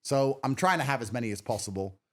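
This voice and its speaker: A swaggering man talks as a podcast guest, his voice rising and falling a lot over a middle pitch. He is blunt and profane, and he tells stories with a cocky edge. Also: expressive, fast. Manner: brash, profane, swaggering storyteller. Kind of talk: casual chat.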